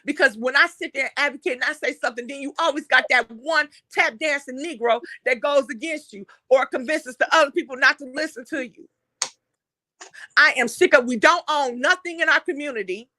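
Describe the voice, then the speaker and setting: A woman's voice: high-pitched, fairly quick, pushed and bright, no room sound. A woman hosts an impassioned monologue. She talks bluntly and heatedly and swears often. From Detroit, USA. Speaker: online talk show host.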